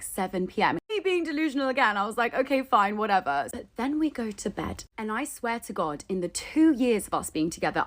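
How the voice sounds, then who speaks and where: A woman telling a breakup story in a chatty, dramatic way. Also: fairly low pitch. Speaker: social media storyteller. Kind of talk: casual storytime.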